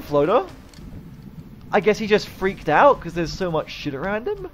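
A man giving live gameplay commentary, excitable, swearing often and shouting at the game. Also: sits high, normal speed, dull audio, a little hiss or hum. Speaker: game streamer.

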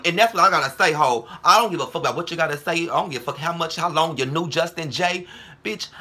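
Young man, bright cutting voice, slightly high pitch, brash profane vlog rant. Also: husky. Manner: brash, heated, profane, calls viewers girl and ho. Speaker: vlogger.

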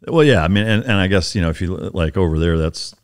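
A man hosting a podcast, asking questions in a relaxed, blunt way and swearing casually. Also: low voice, quick pace. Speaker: podcast host. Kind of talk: casual interview chat.

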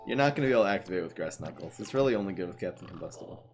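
A young man giving casual live commentary on his card game, excitable and jokey, muttering one moment and loud the next. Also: lowish voice, quick pace, hardly any pauses, soft background music. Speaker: gaming streamer.

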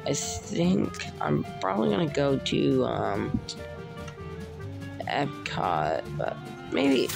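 A man casually narrating a plush skit, excitable and breaking into whoops and cheers. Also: mid-range voice, slow pace, creaky, pauses often. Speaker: plush video maker. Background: music.

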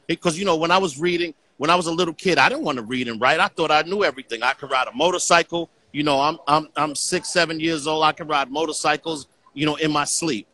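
A middle-aged man speaking as a guest in an easygoing talk. His voice is bright and forceful and sits a little high, and he keeps circling back with "you know what I'm saying" in an earnest way. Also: fast, hardly any pauses. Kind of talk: casual conversation.

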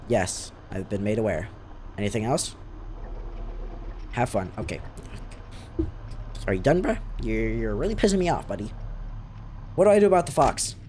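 A man reacting out loud as he plays a horror game, jumpy and foul-mouthed, talking back to the game. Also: fairly low pitch, animated, normal speed, pauses often, a little hiss or hum. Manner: jumpy, swears a lot, talks back to the game. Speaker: gaming video creator. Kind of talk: live reactions while playing a horror game.

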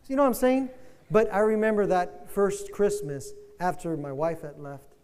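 An older man preaching a sermon, an animated pastor who builds to loud fervor. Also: sits high, normal speed, smooth. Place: church sanctuary. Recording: long church-hall reverb.

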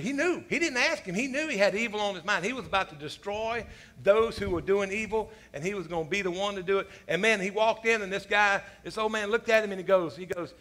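A man preaches in a high, bright, ringing voice. He spins loose, animated stories peppered with casual asides and laughs at himself along the way. It is an easygoing sermon delivered like a conversation with his congregation. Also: quick pace. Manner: animated storytelling, peppered with "man" and "you know"; self-deprecating humor, laughs at his own stories. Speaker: pastor.

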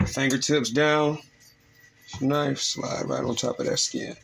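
A man's voice: medium pitch, slow pace, vocal fry, a little hiss or hum, low-quality recording. A man hosting his show, walking viewers step by step through filleting fish in his kitchen. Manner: steady step-by-step instruction to viewers. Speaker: fishing show host. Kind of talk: cooking demonstration. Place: home kitchen.

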